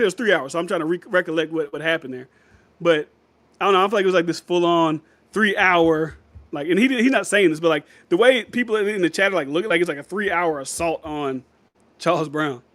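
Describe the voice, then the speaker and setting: Chatty high-voiced man streaming. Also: quick pace, fairly bright tone, no echo. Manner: rambling, laughs often, reads chat comments aloud. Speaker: livestream host reading chat. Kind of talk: casual livestream chat.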